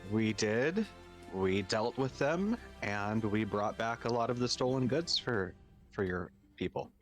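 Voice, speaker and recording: A man's voice: lowish voice, animated, unhurried, soft background music. A man playing in a tabletop game, joking and speaking in character. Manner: playful, joking. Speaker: player.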